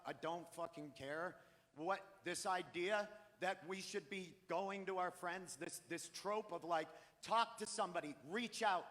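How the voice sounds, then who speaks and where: A stand-up comedian from New England, ranting loudly and profanely through a live set on a theater stage. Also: male voice, high voice. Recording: live theater with long reverb.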